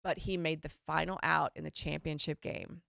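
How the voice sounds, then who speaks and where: Candid rambling mom on a podcast. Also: female voice, sits low, normal speed, vocal fry, dry recording, clean studio sound. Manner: rambling, animated, candid, swears casually. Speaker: podcast co-host. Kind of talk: casual chat.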